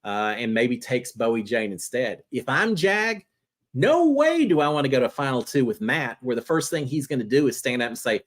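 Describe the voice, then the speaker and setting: A man hosting a live reality-TV chat show, answering viewer questions in a chatty, animated way. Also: medium pitch, normal speed. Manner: chatty and animated, jumping between topics.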